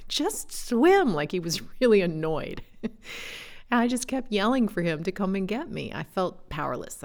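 A woman life coach shares a personal story in a reflective monologue. Her voice sits low and carries a gravelly fry. She talks gently and introspectively, dropping into soft whispers and quiet laughs. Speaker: life coach and podcast host.

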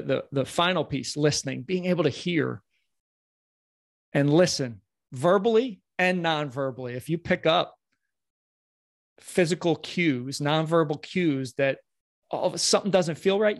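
A man's voice: on the high side, normal speed, no echo, studio quality. A man answering interview questions as a coach, earnest, often restarting with repeated words. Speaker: podcast guest, morning-routine coach.

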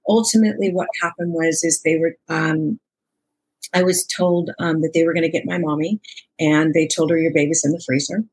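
A woman in her sixties, an interview guest telling a personal story in an expressive, conversational way, acting out dialogue and laughing often. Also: low-pitched, normal speed, breathy edge. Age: 60s.

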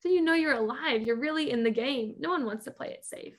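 A high-pitched woman speaks fairly quickly as a podcast host and business coach. She coaches her listeners through an emphatic motivational monologue packed with repetition and rhetorical questions.

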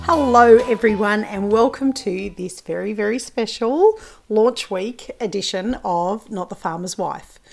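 A woman hosts her own podcast about farm life. She talks to listeners in a relaxed, chatty way, with filler words and asides. Her voice sits at an ordinary middle pitch. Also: measured pace, vocal fry, faint music behind. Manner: chatty, informal, many fillers. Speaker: podcast host and farmer. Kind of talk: solo podcast talk.

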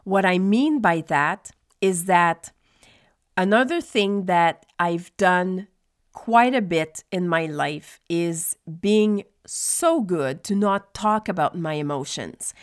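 A woman talking candidly to her listeners about her own feelings, in a reflective monologue with pauses and fillers. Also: lowish voice, lively intonation. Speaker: podcast host speaking to adults with ADHD.

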